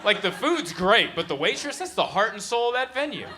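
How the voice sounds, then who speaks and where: A man's voice: high-pitched, big pitch swings, a little fast, bright, forceful tone. A man performing a stand-up comedy set, telling stories and acting out the people in them. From San Diego. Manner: storytelling with acted-out voices. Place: comedy venue with laughing audience. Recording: live show with audience noise.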